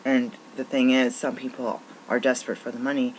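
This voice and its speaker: A woman's voice: rumbling low, level tone, fairly quick, darkish tone, slight background noise, rough recording. Frustrated woman venting. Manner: frustrated, rambling, many restarts. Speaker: naturopathic doctor. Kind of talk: venting monologue.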